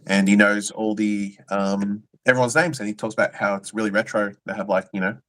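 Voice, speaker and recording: A young Australian man co-hosting a live fan-series Q&A in relaxed, rambling chat with many fillers. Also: lowish voice, brisk. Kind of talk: casual livestream chat.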